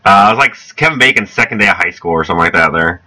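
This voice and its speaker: A man co-hosting a podcast in casual chat, joking and halting, with many restarts. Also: low-pitched, lively intonation, pushed and bright. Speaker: podcast co-host.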